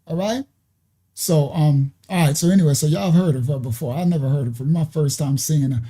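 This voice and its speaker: A man with a fairly high but very dark, mellow voice talks casually to his audience. He chats and hesitates his way through a reaction video, addressing the viewers as "y'all.". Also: a little fast.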